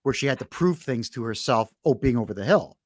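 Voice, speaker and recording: A man's voice: medium pitch, brisk, dry recording, studio quality. Brash, blunt middle-aged man. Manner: brash, blunt, animated storyteller; frequent restarts and fillers while telling a story. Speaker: podcast host. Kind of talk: casual storytelling chat.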